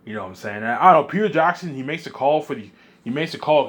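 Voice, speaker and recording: A man rambling in an excited monologue, often repeating himself and restarting his sentences. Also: medium pitch, fast talker. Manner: excitable, repeats himself, puts on voices of others. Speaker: vlogger.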